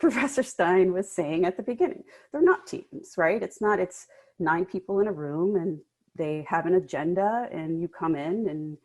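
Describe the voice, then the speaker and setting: A woman law professor giving fast, emphatic remarks on a panel. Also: low-pitched, darkish tone.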